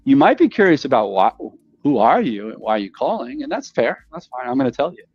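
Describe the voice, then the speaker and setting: A man in casual podcast conversation, talking in a rambling, animated way and acting out phone calls. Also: medium pitch, fairly quick, slightly rough, lo-fi sound, soft background music. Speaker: podcast host.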